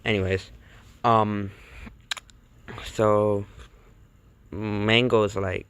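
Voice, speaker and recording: A man's voice: on the low side, flat delivery, very slow, a bit bright, a little hiss or hum. A man narrating a homemade cartoon in a rambling, stumbling, offhand way.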